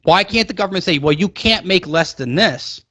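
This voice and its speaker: Animated young man ranting in casual banter. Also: normal speed. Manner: animated, rants with rising pitch and mock quotes. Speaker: podcast co-host.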